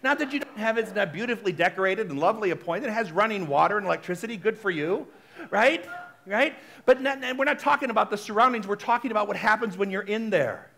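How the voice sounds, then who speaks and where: A male minister giving a conversational sermon, animated and chatty, often checking in with the congregation. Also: sits high, fast talker. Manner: chatty, frequently asks the congregation "right?"; animated, shifts between loud exclamations and soft asides.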